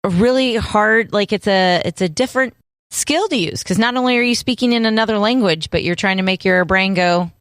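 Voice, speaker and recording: A woman co-hosting a podcast in casual chat, playful and animated, laughing often. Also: mid-range voice, brisk, no room sound, clean studio sound. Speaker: podcast co-host.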